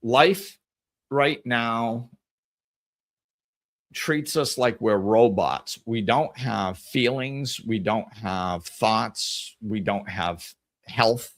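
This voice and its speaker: A man hosting a podcast in a casual solo monologue, telling stories in an animated way and repeating phrases for emphasis. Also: mid-range voice, extremely slow. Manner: animated storytelling, acts out conversations. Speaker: podcast host.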